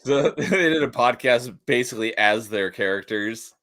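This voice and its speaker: A man's voice: medium pitch, normal speed, a bit bright. A man hosting a casual podcast chat, easygoing and hedging with fillers. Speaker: podcast host.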